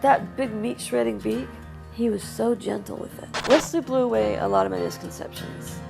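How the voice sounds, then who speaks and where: A woman's voice: on the high side, normal speed, vocal fry, music in the background. A woman who cared for a wild bird tells her story in an interview, talking in a reminiscing, conversational way. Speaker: wildlife caretaker.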